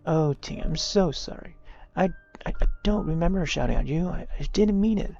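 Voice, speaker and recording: A streamer voicing a worried mother in a game, speaking softly and coaxingly. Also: medium pitch, normal speed, gravelly, highs cut off, faint music behind, voice pushed up, natural voice. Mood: soothing. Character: gentle worried mother, soft and soothing.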